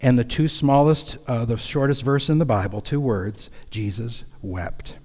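In a church sanctuary, a pastor with a warm, medium-pitched voice preaches at a normal speed, earnest and conversational, now and then breaking into a raised call for emphasis. A long hall reverb trails his words.

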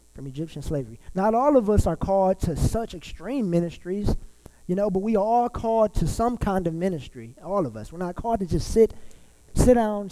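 A man's voice: high voice, mellow, low-quality recording. A male pastor preaching a sermon in a loose, conversational way, full of fillers and restarts.

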